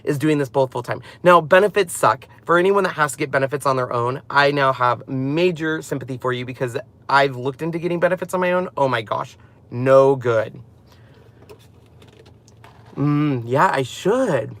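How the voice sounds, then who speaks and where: A man's voice: mid-range voice, normal speed, a bit bright. A man in his thirties hosting a casual live stream about his craft channel, chatty and rambling, often laughing as he talks.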